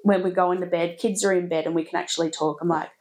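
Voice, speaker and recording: A woman's voice: on the low side, quick pace. A woman, hosting a podcast and talking frankly and expressively about parenting. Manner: frank and expressive, laughs often. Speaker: podcast host. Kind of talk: candid casual chat.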